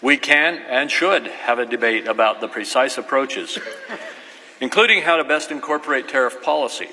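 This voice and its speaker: A man with a bright voice of middle pitch makes a calm, matter-of-fact floor rebuttal. His voice echoes through a chamber over a faint background noise. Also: normal speed. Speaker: senator. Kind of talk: formal floor speech.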